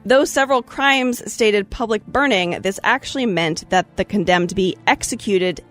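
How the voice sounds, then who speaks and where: A woman's voice: medium pitch, moderate pace, a bit bright, faint music behind. A woman hosting a podcast, telling a history story in a breezy, chatty way with playful asides. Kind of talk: casual storytelling chat.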